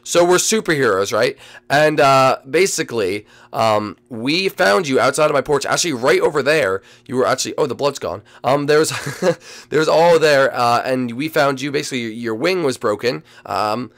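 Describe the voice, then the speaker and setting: A man hosting and narrating a Minecraft role-play series, energetic and full of hesitant fillers. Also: mid-range voice, moderate pace, creaky. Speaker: host.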